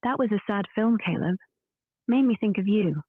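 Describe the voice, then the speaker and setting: A woman's voice: medium pitch, moderate pace, breathy edge, no echo. A woman's AI voice with a British accent, chatting in a witty, dry, frank way. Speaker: AI voice assistant. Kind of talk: conversational chat. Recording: tinny phone-like audio.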